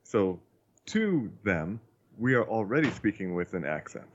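A man's voice: fairly low pitch, big pitch swings, measured pace. A man telling family stories in a casual chat, chuckling as he goes. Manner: chuckles through his stories. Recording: dull lo-fi sound.

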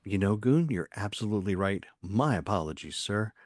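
A man's voice: fairly low pitch, animated, normal speed, darkish tone, no room sound, studio quality. A man in his sixties teasing wryly in casual banter as a co-host. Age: 60s. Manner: wry, teasing.

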